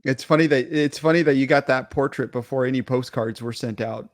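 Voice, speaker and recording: A man co-hosting a casual podcast, talking fast and swearing as he rants. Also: medium pitch, dry recording, studio quality. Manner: animated, swears a lot, ranting banter. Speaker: podcast co-host. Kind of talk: casual chat.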